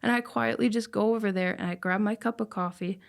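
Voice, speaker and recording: Young adult woman, casual podcast guest, earnest and emotional storyteller, middle pitch. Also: steady tone, brisk, vocal fry. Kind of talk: casual chat, personal story.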